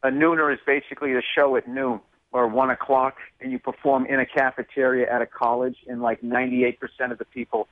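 Animated man on a tinny phone line. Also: medium pitch, brisk, few pauses, dry recording. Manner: animated storyteller, acts out voices. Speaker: comedian guest. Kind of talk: casual interview storytelling.

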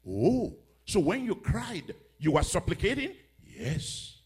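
Husky, high-pitched shouting preacher man. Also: huge pitch swings, slow pace, few pauses. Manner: preaching with sudden swings from hushed to shouting. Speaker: pastor. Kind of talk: sermon.

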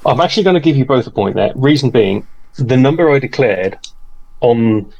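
A man co-hosting a casual podcast, talking in a halting way that repeats words, with polite, formal phrasing. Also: mid-range voice, animated, vocal fry, darkish tone, dull audio. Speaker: podcast co-host and charity tournament organiser.

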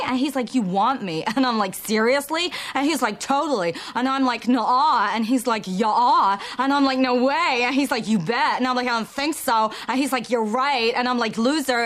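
A woman's voice: on the high side, a bit bright. A woman playing a bored American teenage girl with a sing-song, repetitive way of talking. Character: bored American teen girl, valley-girl chatter.

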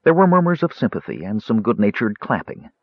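A man reading a fantasy audiobook with an expressive, varied delivery. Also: on the low side, brisk, no echo. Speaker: audiobook narrator. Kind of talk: scripted fantasy narration. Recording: slightly dull audiobook recording.

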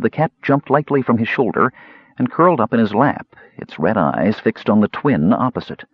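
A man's voice: lowish voice, husky, dry recording, lo-fi sound. A man narrating a fantasy audiobook expressively, shifting his delivery for each character. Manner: expressive, changing voices for characters.

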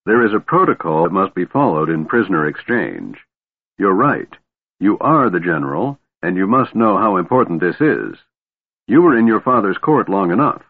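A man voicing a gruff, crotchety old male dwarf who talks stubbornly, on a tinny phone-like recording. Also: low-pitched, very animated, normal speed, full character voice. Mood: pleading.

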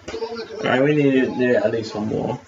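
A man's voice: mid-range voice, moderate pace, noisy background. A man co-hosting a casual watch-along commentary, bluntly critical and swearing. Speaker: podcast co-host. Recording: distant, dull lo-fi with music.

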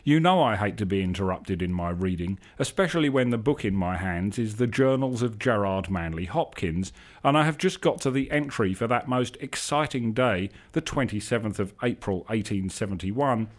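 A man voicing a languid, bookish young man who drawls in a lofty, unhurried way. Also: lowish voice, animated, natural voice.

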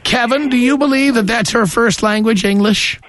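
A man's voice: extremely high pitch, moderate pace, crowd noise. A man hosting a call-in radio show, talking bluntly and condescendingly to a caller. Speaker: radio talk show host.

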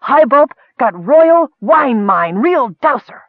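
A breathless excited young dwarf. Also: male voice, very high voice, a little slow, breathy edge, dry recording, phone-quality sound, pitched above the performer's own voice, exaggerated voice. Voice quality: breathless, broken grammar. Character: excited young male gully dwarf miner.

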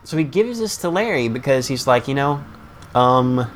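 A man co-hosting a casual podcast, recapping a sitcom episode with profanity and quick quoted bits. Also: medium pitch, slight background noise. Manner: profane, animated, quotes characters in bursts. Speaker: podcast co-host.

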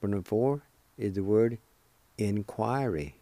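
A man leads a radio language lesson in a mellow, somewhat low voice. He speaks very slowly and deliberately, spelling each word letter by letter and repeating it several times. The sound is dry and close, with no room around it. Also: no room sound. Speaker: radio language teacher and host.

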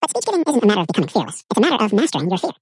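A woman reading a scripted book summary in an even, measured narration. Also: mid-range voice, slightly rough, dry recording.

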